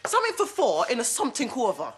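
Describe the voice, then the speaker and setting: An actress playing a playful, giggly daughter. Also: female voice, a little high, huge pitch swings, fast talker. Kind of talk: sitcom acting. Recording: noisy TV sitcom audio.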